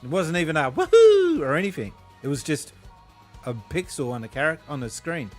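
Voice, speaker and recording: A man's voice: fairly high pitch, brisk, a bit bright, faint music behind. A man, streaming a game and telling rambling, profane anecdotes with frequent chuckles. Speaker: gaming streamer. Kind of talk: casual gameplay chat.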